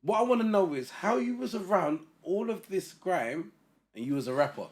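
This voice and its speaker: A man hosting a podcast interview, eager and casual, with lots of quick agreement. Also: high-pitched, animated. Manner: eager, repetitive, lots of backchannel yeahs. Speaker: podcast host.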